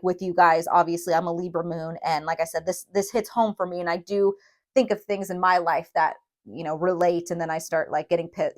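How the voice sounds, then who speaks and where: Emotional woman tarot reader. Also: lowish voice. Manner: emphatic, emotional, talks straight to viewers with frequent "okay?". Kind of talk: tarot reading.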